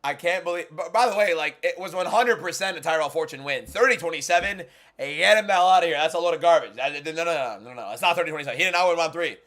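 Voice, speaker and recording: A man hosting a live fight watchalong, reacting with incredulous, repetitive exclamations that swing from low muttering to shouting. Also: fast talker. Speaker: watchalong host.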